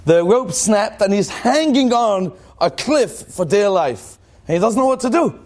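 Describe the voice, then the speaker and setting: A man, a rabbi, teaching a Torah class in an animated, joking way and asking his listeners questions. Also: high voice, a little slow.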